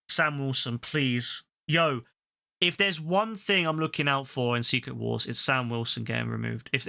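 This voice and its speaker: Young man, gaming streamer; bright, sharp voice; heated profane ranting. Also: mid-range voice, creaky. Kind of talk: casual rant while gaming.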